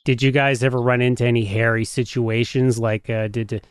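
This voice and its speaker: A man's voice: medium pitch, little pitch movement, normal speed, clear, resonant tone, no room sound, clean studio sound. A man hosting a casual interview over a remote call, talking loosely with lots of fillers and jokes. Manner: loose, filler-heavy, jokey. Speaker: podcast host.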